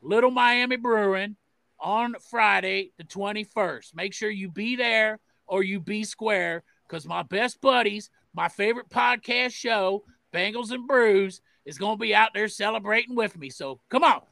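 A man putting on a Cincinnati accent to play a brash male football player, loudly plugging a fan event with cheers and curses. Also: a little slow, gravelly, no room sound, heavily acted. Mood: hyped. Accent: put-on Cincinnati. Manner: loud, swearing, pitchman cheer.

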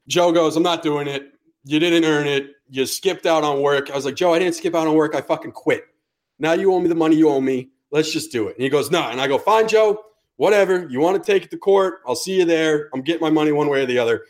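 A man's voice: fairly high pitch, a little fast. Man telling a profane story. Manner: profane, animated storyteller acting out dialogue. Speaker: podcast co-host. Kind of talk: casual storytelling.

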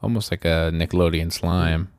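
A man's voice: deep voice, fairly even intonation, normal speed, a little mellow, no room sound. A man co-hosting a podcast, rambling casually with lots of fillers and goofy asides. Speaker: podcast co-host. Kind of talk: casual chat.

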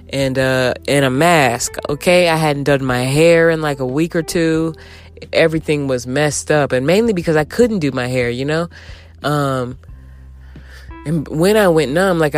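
A young woman telling a candid storytime to her viewers, chatty and animated, acting out quotes as she goes. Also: sits low. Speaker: vlogger. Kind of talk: casual storytime.

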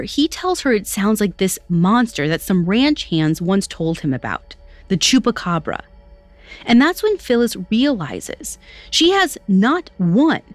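Lively woman narrating with wry asides. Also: medium pitch, no room sound. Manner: conversational, lightly wry asides. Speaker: podcast host. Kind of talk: scripted storytelling narration.

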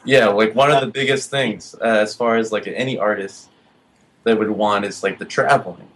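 A man's voice: lowish voice, fairly even intonation, moderate pace, fairly bright tone, a little hiss or hum, rough recording. A man co-hosting a podcast, asking easygoing, admiring questions with hesitant fillers. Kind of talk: casual interview questions.

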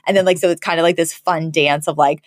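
A woman's voice: low-pitched, steady tone, fast, no echo, clean studio sound. A woman co-hosting a podcast, recapping an episode in a chatty style, laughing often and using lots of fillers. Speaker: podcast co-host.

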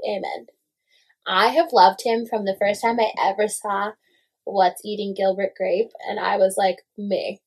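A young woman in casual gossip chat, animated and full of "like" fillers, swearing freely. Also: mid-range voice, moderate pace, husky.

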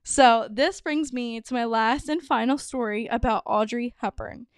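Bubbly young woman podcaster, crisp voice. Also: fairly high pitch, unhurried, no echo, studio quality. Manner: chatty, many "like"s, bubbly and excitable. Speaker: podcast host. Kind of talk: casual storytelling monologue.

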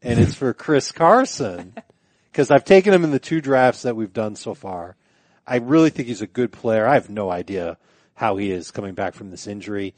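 A man's voice: lowish voice, animated, moderate pace, darkish tone, no room sound. A man co-hosting a sports podcast, talking casually with dry, wry humor. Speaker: podcast co-host.

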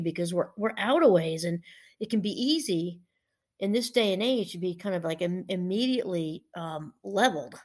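A middle-aged woman who is a professor and podcast host gives a casual motivational talk about gratitude in a lowish voice. She's warm and chatty, rambling a little and laughing as she tells her stories.

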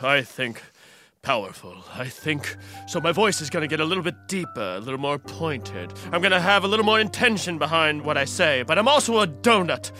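A man contestant talking in an excited, expressive way. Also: on the high side. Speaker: game contestant. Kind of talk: casual improv chat.

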